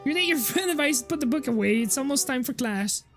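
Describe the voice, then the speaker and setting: French-accented girl streaming a game, high voice, swears a bit, chats to chat. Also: expressive, quick pace, faint music behind. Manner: casual, swears, reacts to chat. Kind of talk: reading a game aloud on stream.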